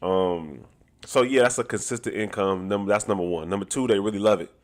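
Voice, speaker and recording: A man who talks loudly and laughs often, chatting casually to his live-stream audience as a dancer. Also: on the low side, fairly quick. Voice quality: talks loud. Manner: animated and laughing, slangy.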